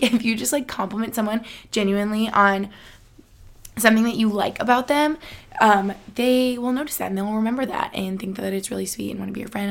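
A woman's voice: mid-range voice, gravelly. A young woman hosting a podcast, chatting casually and upbeat, full of fillers and giggles. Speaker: podcast host. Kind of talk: casual chat.

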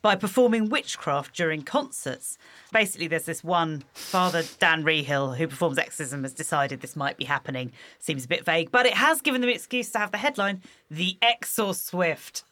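An amused woman chats through the day's headlines, her pitch swinging widely as she tells each story. She keeps the tone friendly and talkative. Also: animated, a little fast, a bit bright. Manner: amused, chatty. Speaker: podcast co-host. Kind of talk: casual newspaper review chat.

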